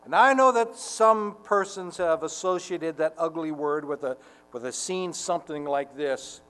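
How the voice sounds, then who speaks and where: Male pastor, high voice, unhurried fervent sermon delivery, long church reverb. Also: sharp tone, clear, resonant tone. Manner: earnest, slow and deliberate, swelling to fervent emphasis.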